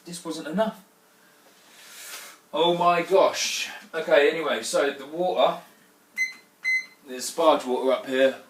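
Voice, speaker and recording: Sweary home brewer, roomy and distant. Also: male voice, fairly high pitch, fairly bright tone. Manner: chatty, sweary, prone to exclamations. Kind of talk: casual brew-day vlog commentary. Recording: roomy, distant mic, faint background noise.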